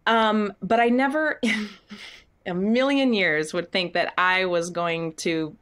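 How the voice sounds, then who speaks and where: A Broadway actress chatting as a podcast guest, animated and candid, often acting out what people said. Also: female voice, mid-range voice, slow pace, clear, resonant tone. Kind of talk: casual interview chat.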